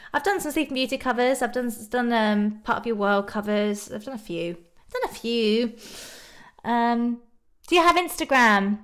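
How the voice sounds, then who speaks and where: A young woman from just northwest of London with a southern English accent, chatting casually on a live stream and answering viewers' questions with lots of ums and little laughs. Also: fairly high pitch. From England, northwest of London. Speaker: YouTube singer hosting a live stream. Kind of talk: casual live-stream chat reading comments.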